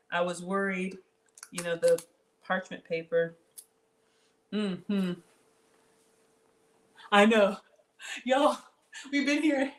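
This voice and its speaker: Chatty woman hosting a kitchen livestream. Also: medium pitch. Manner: chatty, talks straight to viewers, reads out comments. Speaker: cooking channel host. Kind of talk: live-stream cooking chat. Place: home kitchen.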